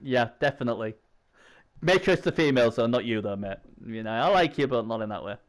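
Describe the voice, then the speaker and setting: Lively chatty man in his forties. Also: medium pitch, fast talker. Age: 40s. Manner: rambling and chatty, with bantering asides. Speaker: stream host. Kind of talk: casual chat.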